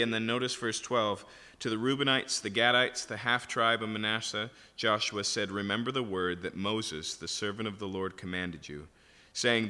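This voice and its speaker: A man's voice: lowish voice, bright, forceful tone, long reverb tail. A man preaching an expository sermon, reading scripture verses aloud and then explaining them with rising emphasis.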